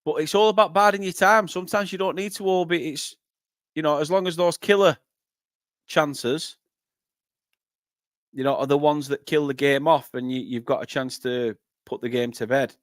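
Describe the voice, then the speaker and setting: A young northern English man hosting a live football watchalong, chatting with viewers and breaking into excited play-by-play. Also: on the high side, moderate pace, no echo, clean studio sound. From northern England. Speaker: fan channel host.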